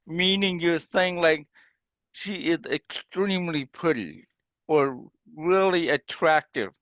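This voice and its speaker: A man teaches an online language class in an unhurried, patient way, pausing to demonstrate example phrases. His voice sits a little high for a man. The dry, dull-sounding video call audio has a lo-fi quality. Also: a bit bright, no echo.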